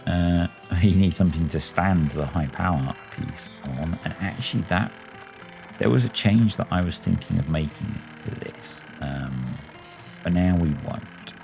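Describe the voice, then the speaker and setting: Very deep, gravelly man thinking aloud. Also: a little slow, music in the background. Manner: musing, talks himself through each choice. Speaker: let's play host. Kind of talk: thinking aloud while playing a city-building game.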